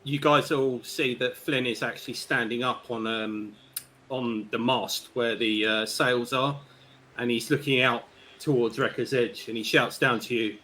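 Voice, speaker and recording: A man's voice: medium pitch, steady tone, measured pace, pushed and bright. Man narrating his game character. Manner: descriptive, rambling with fillers. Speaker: player.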